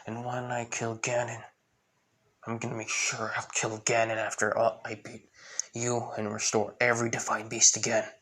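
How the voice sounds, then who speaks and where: A man's voice: medium pitch, completely flat delivery, normal speed, a bit bright, natural voice. A man voicing an earnest young hero. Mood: furious. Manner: earnest, vengeful. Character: young male hero, devoted husband and father. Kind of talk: fan story retelling.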